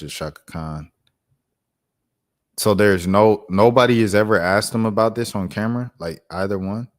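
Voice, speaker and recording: A man with a fairly low voice hosts a casual live stream. He talks in loose slang and muses out loud as he reacts to the news, going back over his own thoughts. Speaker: streamer host.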